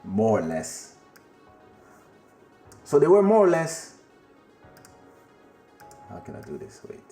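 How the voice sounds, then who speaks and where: A man's voice: lowish voice, slow, gravelly, reverberant, soft background music. A man hosting a podcast, casually telling a rambling story, swearing and turning to a friend in the room. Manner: rambling and animated, swears, laughs, addresses an off-mic friend.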